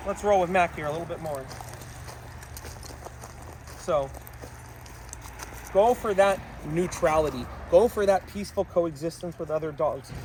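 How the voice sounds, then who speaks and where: Upbeat male dog trainer, fairly high voice. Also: noisy background. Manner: encouraging, repeatedly addresses viewers as folks. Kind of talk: outdoor training talk to camera. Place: outdoors in a town.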